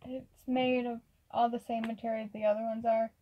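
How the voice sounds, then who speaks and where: High-voiced woman running a tabletop game. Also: flat delivery, highs cut off. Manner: casual, halting narration with many fillers. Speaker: game master.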